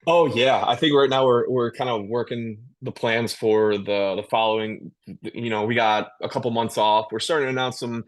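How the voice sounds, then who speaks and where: A man's voice: medium pitch, fairly even intonation, normal speed. A man, a touring metal musician, talking casually in an interview over a video call, rambling with restarts and easy laughs. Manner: laid-back, rambling with many restarts and laughs.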